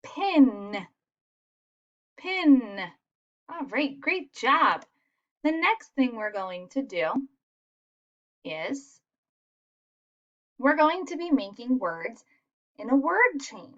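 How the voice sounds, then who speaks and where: A woman's voice: high voice, big pitch swings, slow, long pauses, a bit bright, muffled recording. A woman teacher giving a recorded phonics lesson for children, patient and encouraging as she spells out sounds.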